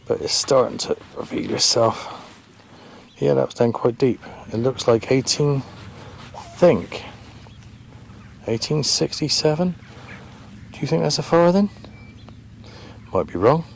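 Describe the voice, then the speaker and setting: A man's voice: mid-range voice, measured pace, gravelly, long pauses, slight background noise. A man vlogging his metal detecting in a farm field, thinking aloud in a hesitant, chatty way as he talks to the camera. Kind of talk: casual commentary to camera. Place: open farm field outdoors.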